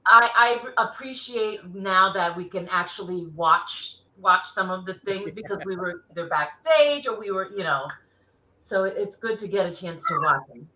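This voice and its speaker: Woman co-host, chatty, bright voice, echoey lo-fi sound. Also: medium pitch, normal speed. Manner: chatty, laughs easily. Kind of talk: casual interview chat. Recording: echoey dull lo-fi room sound.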